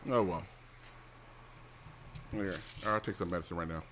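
A man's voice: deep voice, steady tone, moderate pace, a bit bright, slight background noise. A middle-aged man hosting a casual chat show, complaining bluntly and profanely, with frequent restarts. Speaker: show host.

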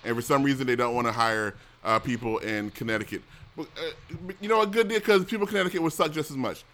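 A man's voice: mid-range voice, lively intonation, fast, fairly bright tone, a little hiss or hum. A middle-aged man hosting a casual chat show, complaining bluntly and profanely, with frequent restarts. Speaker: show host.

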